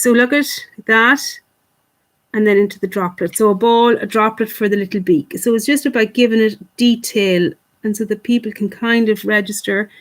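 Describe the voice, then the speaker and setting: A woman teaching children clay modelling online, chatty and encouraging, talking to the camera as if the kids were there. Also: mid-range voice. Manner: fond of cute words like "little". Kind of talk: online craft lesson for children.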